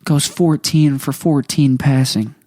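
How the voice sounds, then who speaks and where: A young man co-hosting a podcast, in casual chat, recapping games play by play with excitement. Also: medium pitch, slow pace. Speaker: podcast co-host.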